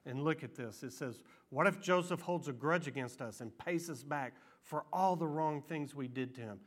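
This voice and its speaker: A man preaching a sermon in a conversational way, often repeating words and dropping soft and low at emotional moments. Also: normal speed, hardly any pauses. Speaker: pastor.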